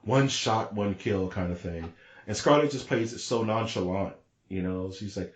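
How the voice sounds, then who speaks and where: A man co-hosting a podcast in casual chat, talking in an excitable, rambling, slangy way. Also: on the low side, measured pace, echoey room, highs cut off. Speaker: podcast co-host.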